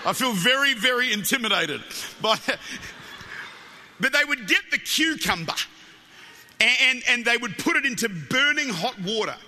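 A man with an Australian accent preaches in a big church hall, and his voice rings back with a long reverb. His voice sits very high and sounds intensely bright. He mixes jokes with passionate, shouted appeals. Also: moderate pace, long pauses. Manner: humorous, animated, building to shouted fervor. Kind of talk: sermon.

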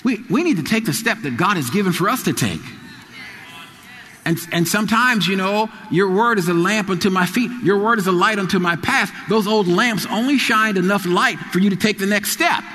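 A male preacher delivering a sermon, moving between quiet storytelling and loud, rising exhortation. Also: high-pitched, expressive, normal speed, big-room sound.

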